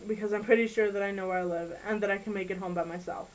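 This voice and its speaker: A touchy teenage girl with a tendency to hesitate, as a woman reads her in a homemade storybook recording. The pitch is ordinary. She sounds easily hurt. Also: fairly even intonation, fast talker, a little hiss or hum, close to an everyday voice, poor audio.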